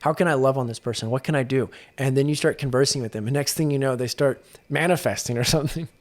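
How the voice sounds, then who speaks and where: Man, young adult, podcast guest, earnest, restarts a lot, mid-pitched. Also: fast talker. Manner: earnest storytelling with frequent restarts. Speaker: guest, exorcist. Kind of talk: casual podcast conversation.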